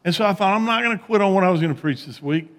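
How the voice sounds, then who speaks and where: A man preaching a sermon as pastor, animated, with rising emphatic peaks and quiet low asides. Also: rapid-fire, in a large hall.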